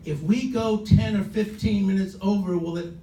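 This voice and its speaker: An older man, son of the guest of honor, casually tells a gathering an anecdote and acts out the quotes with lively voices. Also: sits high, moderate pace. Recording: roomy hall, distant mic, background noise.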